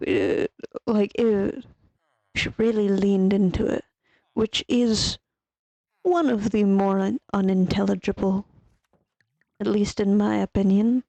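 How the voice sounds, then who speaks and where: Irish woman streamer, unhurried rambling gamer chat with a mellow tone and the odd swear. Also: medium pitch, little pitch movement, gravelly, dry recording, dull audio. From Ireland. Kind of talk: casual gaming chat.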